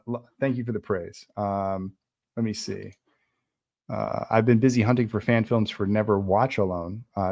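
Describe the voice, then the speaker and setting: A man in his thirties hosting a casual livestream Q&A, reading fan comments aloud, blunt and rambling, swearing freely with lots of fillers. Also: fairly low pitch. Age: 30s.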